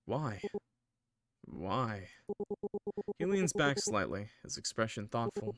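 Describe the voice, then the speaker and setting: A man's voice: lowish voice, very animated, slow, pauses often, fairly bright tone, no echo, clean studio sound. Man reading a visual novel aloud. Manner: casual, jokey asides, laughs. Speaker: streamer.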